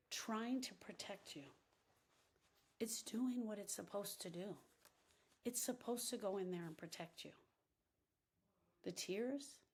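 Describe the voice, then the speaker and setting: A middle-aged woman giving an impassioned grief-coaching talk, repeating phrases for emphasis and swinging between hushed and loud lines. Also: mid-range voice, breathy edge. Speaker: grief coach and podcast host.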